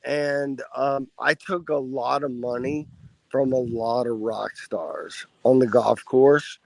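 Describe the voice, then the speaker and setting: Slow, gravelly-voiced man telling stories. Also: mid-range voice, fairly even intonation, dry recording, poor audio. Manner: profane, laid-back anecdotes. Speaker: podcast guest. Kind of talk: casual storytelling.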